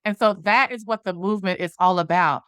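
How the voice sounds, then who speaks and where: Woman guest telling her story, acts out the quotes, smooth voice, dry sound. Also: medium pitch, a little fast, no echo. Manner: animated storyteller acting out dialogue, laughs often. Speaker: guest, movement founder. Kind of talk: personal storytelling in an interview.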